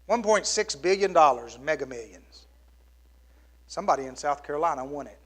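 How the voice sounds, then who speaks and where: A middle-aged man preaching a sermon as pastor, swinging from loud exclamations down to hushed, near-whispered lines. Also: on the high side, expressive, normal speed, breathy edge.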